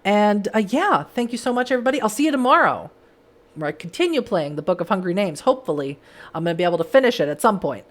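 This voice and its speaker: A woman streamer chatting with her viewers at the end of a stream, enthusiastic and full of fillers and restarts. Her voice is hoarse and worn, as if it is about to give out. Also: medium pitch, animated, quick pace. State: hoarse, voice giving out. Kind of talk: casual livestream chat.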